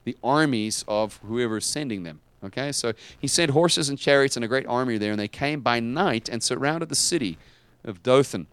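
A man preaching a sermon as pastor, dramatic, swinging from quiet asides to shouted lines. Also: mid-range voice, normal speed, few pauses, clear, resonant tone, no echo.

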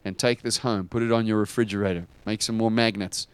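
A man preaching a sermon as pastor, dramatic, swinging from quiet asides to shouted lines. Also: fairly low pitch, fairly even intonation, brisk, smooth.

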